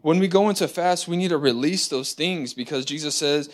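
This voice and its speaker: Halting man teaching a church lesson. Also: a little high. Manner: halting, many fillers and restarts; slow deliberate scripture reading.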